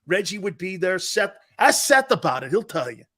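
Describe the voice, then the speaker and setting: Loud, excitable middle-aged male sports host. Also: high-pitched, normal speed. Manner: loud, laughing, excitable, acts out quotes from friends and family. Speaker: sports talk show host. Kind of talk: animated storytelling on a sports show.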